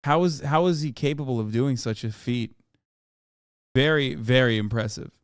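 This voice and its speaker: A man streaming, reacting to a video in a profane, animated riff. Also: medium pitch, moderate pace, clear, resonant tone, no room sound, clean studio sound.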